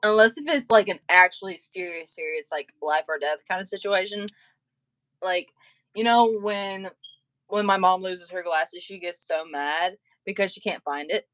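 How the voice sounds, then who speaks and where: A woman's voice: fairly low pitch, moderate pace, a bit bright, dry recording. Woman streamer, casual storyteller, loose and laughing, dry close mic. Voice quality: filler-heavy, laughs often while telling stories. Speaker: livestream host. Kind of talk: casual chat.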